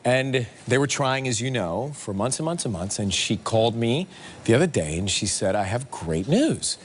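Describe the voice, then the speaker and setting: A man co-hosting a morning talk show, telling stories in quick, animated casual chat. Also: mid-range voice, a little hiss or hum.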